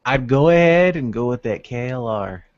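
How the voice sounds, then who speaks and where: A man's voice: medium pitch, animated, normal speed. Laid-back cursing man on a lo-fi call. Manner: laid-back, swears casually. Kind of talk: casual hangout chat. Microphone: video call. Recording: lo-fi video call audio.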